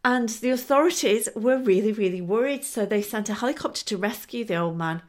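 Expressive woman storyteller. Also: a little high, brisk. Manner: lively, expressive, laughing between lines. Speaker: storyteller and show host. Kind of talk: storytelling podcast narration.

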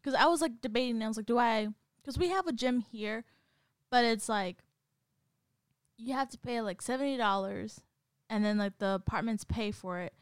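A woman's voice: on the high side, normal speed, clean tone, dry recording, studio quality. A young woman co-hosting a podcast, telling a story in casual chat with lots of fillers and restarts. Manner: rambling, filler-heavy storytelling. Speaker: podcast co-host.

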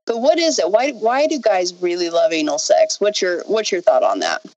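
A woman's voice: lowish voice, very animated, moderate pace, darkish tone, dry recording. Upbeat woman hosting a chat show. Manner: upbeat, eager, laughing easily. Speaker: podcast host. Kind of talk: interview hosting. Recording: dull lo-fi sound.

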